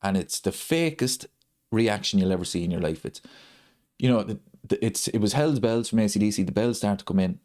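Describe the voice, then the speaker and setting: A man's voice: lowish voice, a little fast, a little mellow. Man ranting, repeating every point. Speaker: host of a football watchalong channel. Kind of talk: live stream chat.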